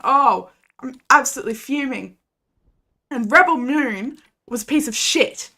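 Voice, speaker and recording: A young woman chats away to her stream audience. Her voice is bright and sits a little high, and she tumbles easily into animated, chatty rants. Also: a little slow. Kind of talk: casual game stream chat.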